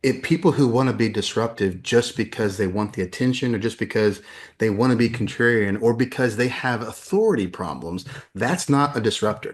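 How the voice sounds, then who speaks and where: A man talking as a guest in a conversational interview, emphatic and often repeating words as he builds his points. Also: fairly low pitch. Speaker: podcast guest, educator.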